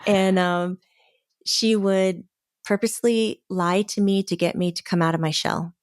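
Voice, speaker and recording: A woman's voice: mid-range voice, fairly even intonation, unhurried, clean tone, no room sound, studio quality. A middle-aged woman guest telling a story in casual chat, laughing often and acting out the people she quotes. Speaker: podcast guest, medium.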